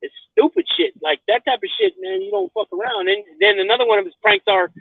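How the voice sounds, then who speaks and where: A man's voice: very high-pitched, sing-song, fast, gravelly, dry recording. A man in casual chat, rambling and swearing, often asking whether you follow him. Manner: profane, rambling, keeps asking "you know what I mean". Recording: tinny phone line, dry.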